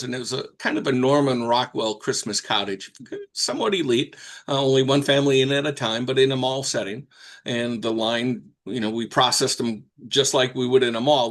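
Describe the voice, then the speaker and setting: A man's voice: medium pitch, a bit bright. An older man, a professional Santa performer, telling stories in a folksy, rambling way. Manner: folksy, rambling with fillers and restarts. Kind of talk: anecdotal storytelling.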